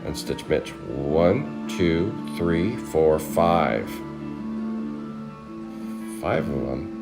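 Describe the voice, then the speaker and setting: A man's voice: very deep voice, big pitch swings, very slow, vocal fry. A married man casually hosting a live trading card break, rambling and chatting with viewers by name while listing cards. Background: music.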